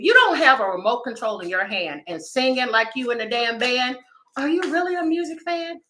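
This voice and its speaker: A woman, doing a casual livestream tarot reading and talking straight to her viewers in a chatty, animated way. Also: high voice, a little fast. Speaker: tarot reader.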